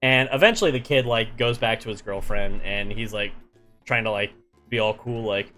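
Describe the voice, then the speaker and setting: A man's voice: on the low side, normal speed, pushed and bright, soft background music. A young man streaming while he draws, telling a travel story in a rambling, casual way with many fillers and restarts.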